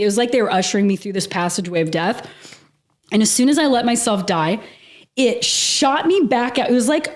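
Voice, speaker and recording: A medium-pitched woman shares a personal story as a guest on a podcast interview. She keeps it lively and casual, laughing a lot and cursing freely.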